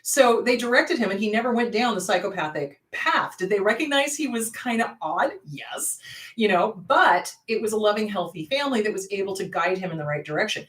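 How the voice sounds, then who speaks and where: Animated, emphatic woman therapist. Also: mid-range voice, fairly quick. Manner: emphatic, repeats words for stress. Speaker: therapist and show host. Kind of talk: casual advice talk to camera. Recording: roomy, distant mic.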